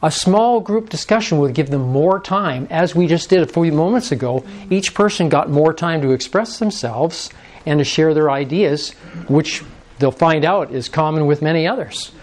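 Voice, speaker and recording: A man's voice: on the high side, normal speed. A man presenting an interactive workshop, often checking in with the audience. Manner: coaxing, prompts the audience often.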